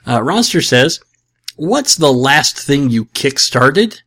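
A man's voice: mid-range voice, big pitch swings, slow, fairly bright tone, husky. A man with a mid-range voice hosts a laid-back podcast from home. He rambles and teases in a sarcastic, self-mocking way. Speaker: podcast host answering listener questions. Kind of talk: casual comedic chat.

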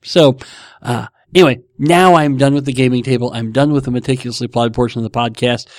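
Chatting from home, a podcast host with a steady, medium-pitched voice speaks fairly quickly in a casual ramble, laughing and making fun of himself. The sound is clean studio audio with no room sound.

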